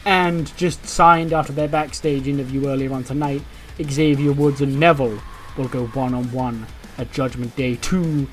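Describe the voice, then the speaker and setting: A man's voice: medium pitch, normal speed, few pauses, faint music behind. A man hosts a let's play, calling simulated wrestling matches blow by blow. His voice sits mid-range, and he drops in offhand asides between the action. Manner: lively play-by-play, with asides and swearing. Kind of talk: narrating a simulated wrestling show.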